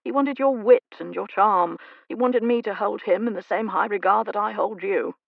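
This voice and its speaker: A woman narrator voicing a weary, remorseful older uncle and father in an audiobook, with a gravelly, earnest delivery. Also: sits high, normal speed, dry recording, phone-quality sound. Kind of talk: audiobook character reading.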